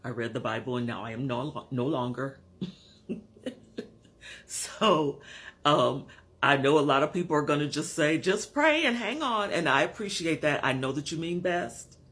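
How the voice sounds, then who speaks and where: A man in his fifties or sixties speaking frankly to his camera at home in a personal vlog, measured and pausing to find his words. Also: medium pitch, fairly even intonation, a bit bright. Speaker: vlogger. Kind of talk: candid personal vlog monologue.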